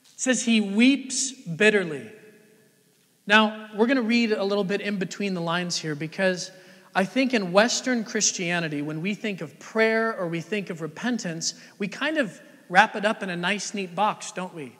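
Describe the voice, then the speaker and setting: Bright-voiced pastor preaching in a reverberant church. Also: male voice, sits high, normal speed. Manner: swings between loud emphatic lines and hushed, near-whispered ones; animated, conversational preaching with rhetorical questions. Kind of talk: sermon. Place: church sanctuary. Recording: long church-hall reverb.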